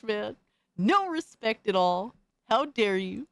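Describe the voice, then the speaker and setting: A woman streamer talks casually while reacting to viewer clips, feigning outrage with plenty of swearing and slang. Her voice sits a little high and leaps around expressively. The sound is dry and close, with no room echo. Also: lively intonation, takes it slowly, a bit bright. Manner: mock outrage, swears, calls everyone bro. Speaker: streamer host.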